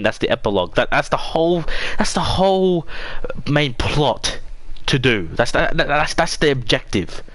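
A man livestreaming gameplay, reacting with excitable, swearing, stammering outbursts. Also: medium pitch, no room sound.

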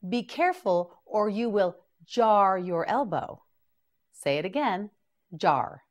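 A woman teaching English vocabulary to beginners in a scripted drill, slowly repeating each word and prompting the listener to say it back. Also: mid-range voice, lively intonation, highs cut off.

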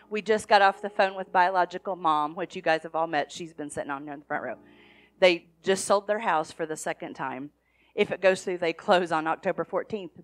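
A middle-aged woman, a foster parent, sharing a testimony with a church congregation, chatty and full of quoted asides. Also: lowish voice. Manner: chatty, retelling conversations with quick quoted asides. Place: church service.

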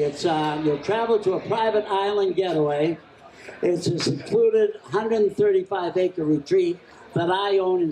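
A man calling a live charity auction, joking with the room and rattling off bids in a rapid chant. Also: high-pitched, darkish tone. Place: event hall at a charity gala. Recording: echoey hall with crowd. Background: crowd laughing and chatting.

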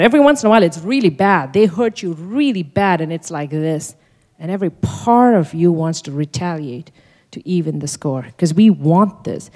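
A woman's voice: on the low side, a little mellow. A woman pastor delivering a sermon at a conference, stressing and repeating key phrases and asking the audience questions. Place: conference hall. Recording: long reverb of a large hall.

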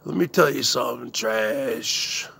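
A man hosting his own show, delivering a slow, boastful rant full of drawn-out catchphrases and chuckles. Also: medium pitch, vocal fry, fairly bright tone, husky. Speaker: host.

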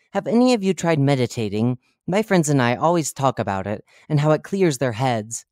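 A cheerful, oblivious male radio host, put on by a horror-story narrator, rattling off chatty broadcast patter with deadpan dark jokes. His voice sits in an ordinary middle pitch. It is recorded close and dry, with no room sound. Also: no room sound, natural voice. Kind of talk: horror fiction reading.

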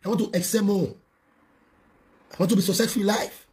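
A man's voice: high voice, fairly even intonation, a little fast, a little mellow. A man with a Nigerian accent, a social media personality, ranting scornfully on a live video with rhetorical questions. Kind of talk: heated live-video rant.

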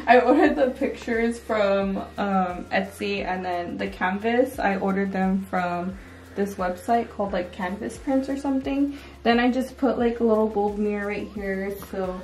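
A woman's voice: mid-range voice, unhurried, a little mellow, echoey room, recorded from a distance, rough recording. A young woman casually showing her baby's nursery in a chatty, rambling way, full of "like" and "um". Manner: chatty, filler-heavy, with frequent "like" and "um". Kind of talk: casual home tour chat. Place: indoors in a home nursery.

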